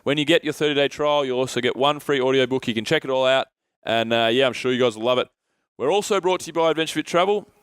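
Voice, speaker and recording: A man's voice: mid-range voice, fast, a bit bright, clear, resonant tone, no echo, clean studio sound. A man hosting a podcast, reading ads casually and stumbling over words, cursing his own slips. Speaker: podcast host. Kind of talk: casual podcast chat and ad read.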